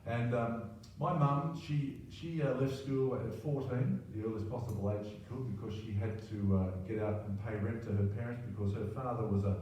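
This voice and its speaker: A man's voice: mid-range voice, fairly even intonation, moderate pace, hardly any pauses, dark tone. An Australian man in his sixties telling a rambling, self-deprecating personal story, often tacking on "right?". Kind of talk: personal anecdote monologue. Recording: very roomy, distant mic, faint ambience.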